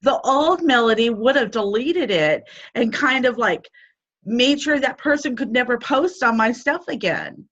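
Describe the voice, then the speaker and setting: A woman mentor gives her team an encouraging pep talk in a voice that sits a little high. The audio is dull and lo-fi, with the top end muffled. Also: lively intonation, unhurried, fairly bright tone. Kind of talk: casual motivational chat.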